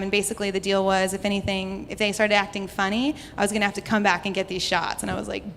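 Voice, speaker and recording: A woman's voice: medium pitch, flat delivery, brisk. Young American woman, live storyteller, chatty and laughing, stage mic in a reverberant hall. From United States (Houston). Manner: chatty, laughs often, heavy use of "like". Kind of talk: personal story told live to an audience. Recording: reverberant hall, faint noise.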